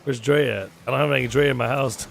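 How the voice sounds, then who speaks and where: Hoarse, gravelly young man streaming games. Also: medium pitch, steady tone, quick pace, slight background noise. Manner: chatty, swears freely, calls people dude. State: hoarse, sore throat. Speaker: gaming streamer. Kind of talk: casual gaming chat with viewers. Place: home gaming setup.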